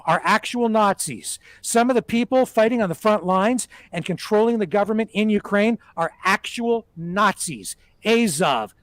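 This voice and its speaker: A man's voice: high voice, no room sound. A man hosting live political commentary, emphatic and ranting, hammering his points through repetition.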